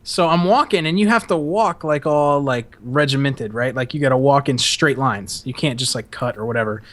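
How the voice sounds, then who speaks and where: A man's voice: medium pitch, normal speed, fairly bright tone. A man hosting a podcast, telling a story in a casual, profane, rambling way and laughing often. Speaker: podcast host.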